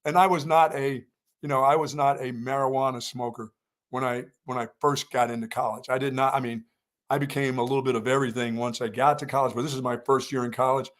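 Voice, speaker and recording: A man's voice: medium pitch, steady tone, fast talker, fairly bright tone. An older man from North Carolina co-hosting a sports show, telling a long story in casual chat and raising his voice for the quoted lines.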